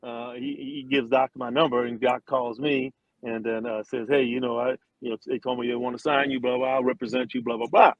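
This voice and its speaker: A middle-aged man, an interview guest, telling a long story with lively quoted voices and many restarts. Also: mid-range voice, a little fast, hardly any pauses, no room sound, dull audio. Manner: animated storyteller, acts out quotes, frequent restarts. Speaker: interview guest, former football player and singer.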